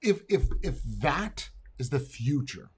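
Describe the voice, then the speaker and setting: An American man streaming, reacting to a clip with profane, mocking rants that flare into shouting. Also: mid-range voice, very animated, slow pace, slightly rough. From United States. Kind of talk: heated reaction commentary.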